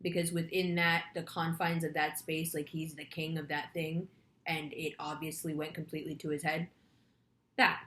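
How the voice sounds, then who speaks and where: A woman's voice: low-pitched, little pitch movement, normal speed, fairly bright tone, echoey room, slight background noise. A woman astrology reader telling a rambling story in a casual monologue, chatty and swearing freely.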